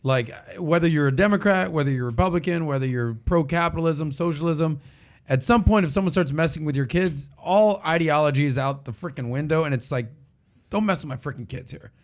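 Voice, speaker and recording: A man co-hosting a podcast who makes his points emphatically. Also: on the high side. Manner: emphatic, fast talker. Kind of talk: podcast discussion.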